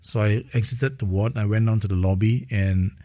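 A middle-aged man, a guest in an interview, telling an emotional personal testimony in a halting way. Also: lowish voice, fairly even intonation, mellow, no echo, studio quality. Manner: emotional storytelling, slow and halting in places.

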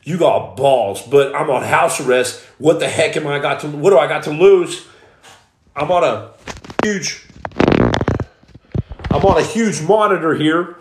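Brief: man, a bit high-pitched, blunt and streetwise, giving testimony, echoey room. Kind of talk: personal testimony, preacher-like storytelling. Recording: roomy echo.

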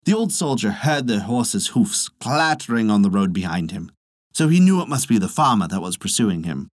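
A man narrating a folktale in a measured, expressive storytelling manner. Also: on the low side, no echo, studio quality.

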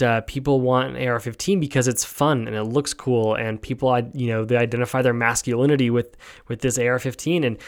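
A man's voice: medium pitch, clear, resonant tone. A man from New York hosting a solo podcast, talking casually with many ums and restarts while yawning and sleepy. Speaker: podcast host.

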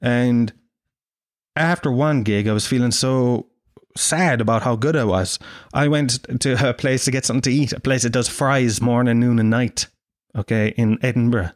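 A man's voice: mid-range voice, fairly even intonation, normal speed, no echo, clean studio sound. Sweary Irish man, comic monologue. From Ireland. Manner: sweary, sarcastic, self-mocking. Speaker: podcast host.

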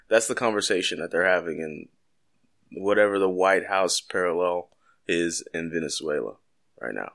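A man's voice: deep voice, animated, moderate pace, creaky, a bit bright. A man co-hosting a podcast in casual, joking chat, swearing freely. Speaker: podcast co-host.

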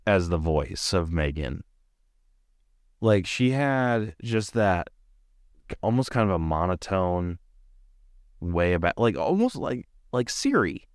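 A man's voice: low voice, sing-song, takes it slowly, long pauses, dry recording, clean studio sound. A man co-hosting a casual movie review podcast, chatty and full of fillers. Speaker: podcast co-host.

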